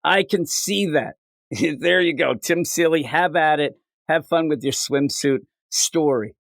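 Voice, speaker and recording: A man's voice: a little high, a little slow, vocal fry, fairly bright tone, no room sound, studio quality. A man hosting a comics podcast, riffing jokily and putting on silly voices. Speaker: podcast host. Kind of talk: casual comedic chat.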